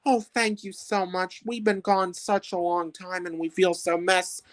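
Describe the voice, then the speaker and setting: A sweet, polite young girl, eager and pleading, with her voice lifted high, as a man puts her on. It sounds dry and close. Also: fairly even intonation, a little slow, a bit bright, dry recording.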